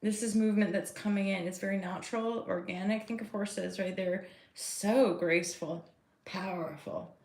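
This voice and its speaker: A woman's voice: mid-range voice, steady tone, normal speed, a little mellow. A woman giving a casual live tarot reading, rambling and chatty as she talks to her viewers. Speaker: tarot reader and host. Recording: roomy echo.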